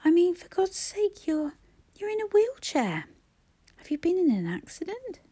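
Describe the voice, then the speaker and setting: A frantic brother, his pleas climbing high and breaking toward shouts, as a woman reads him. The tone stays mellow and dark underneath, with wide swings in pitch. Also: big pitch swings, moderate pace, husky. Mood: pleading. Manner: agitated, rising to near-shouts. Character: distraught young man pleading with his dying sister.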